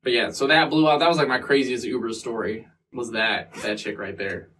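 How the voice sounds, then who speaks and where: A man's voice: mid-range voice, fairly even intonation, brisk, fairly bright tone. A man casually telling a long story as an interview guest, swearing often and acting out what people said. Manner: profane, rambling, acts out quotes. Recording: distant mic with faint room noise.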